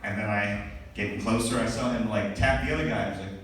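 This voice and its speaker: A man doing stand-up comedy, telling a story with lively asides and laughing as he goes. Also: on the low side, fast talker, a crowd in the background. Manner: animated storytelling with laughing asides and put-on voices. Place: comedy club. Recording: echoey club recording from a distance. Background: audience laughter.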